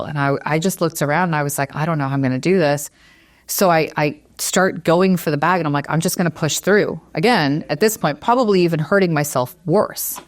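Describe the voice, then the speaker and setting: A low-pitched middle-aged woman speaks on a podcast, earnest and animated as she relives a moment, her voice close to tears. The sound is dry and close. She acts out what others said to her. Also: fairly quick, no room sound. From Las Vegas area. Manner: earnest, animated, retells dialogue. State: teary, near crying. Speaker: real estate broker, podcast guest. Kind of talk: emotional storytelling in an interview.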